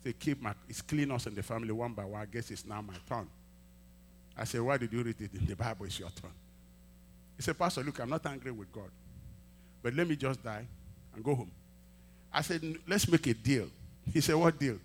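A male pastor preaching a sermon, telling a testimony and acting out the dialogue, swinging from quiet asides to loud emphatic peaks. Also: mid-range voice, brisk, pauses often, a little hiss or hum. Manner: acts out quoted dialogue in storytelling.

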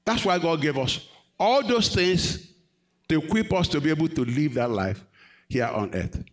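A man's voice: on the high side, expressive, moderate pace. A man preaching a sermon, questioning the congregation and rising to emphatic peaks. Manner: call-and-response, questioning the congregation.

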